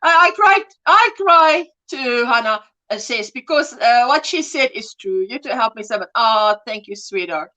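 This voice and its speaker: A woman's voice: a little high, animated, moderate pace, hardly any pauses, pushed and bright, rough recording. A woman co-hosting a casual crochet livestream, reading out viewer comments fondly and laughing often. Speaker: livestream co-host.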